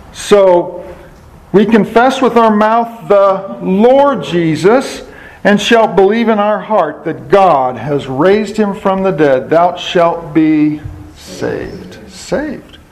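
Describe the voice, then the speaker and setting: Male preacher teaching scripture; high pitch, unhurried delivery, asks and answers his own questions. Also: lively intonation, low-quality recording. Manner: asks the audience questions and answers them himself; repeats key words for emphasis. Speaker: Bible teacher. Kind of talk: sermon.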